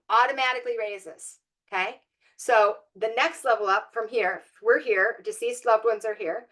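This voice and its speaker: A woman's voice: medium pitch, bright, forceful tone. A middle-aged woman gives an inspirational spiritual talk to a live audience. She speaks in a conversational way, with an everyday mid-range voice, and often turns to her listeners with direct questions. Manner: conversational, acts out everyday scenarios in quoted voices.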